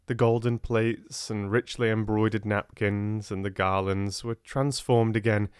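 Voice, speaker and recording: A British man narrating an unabridged classic audiobook in an expressive storytelling manner. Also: lowish voice, clean tone, no echo, studio quality. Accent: British English. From Britain. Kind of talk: scripted narration.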